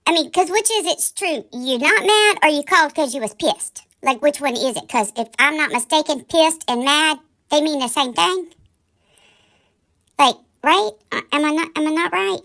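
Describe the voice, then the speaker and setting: A woman delivers a heated commentary rant, scolding and full of rhetorical questions. Her voice sits high and sounds bright and sharp. She hosts her own commentary channel. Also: normal speed.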